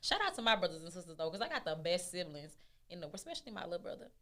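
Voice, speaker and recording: A woman's voice: lowish voice, very animated, very fast, fairly bright tone. A woman from the Midwest with a Texas accent, co-hosting a podcast in casual chat, emphatic and playful, repeating words for stress. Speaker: podcast co-host.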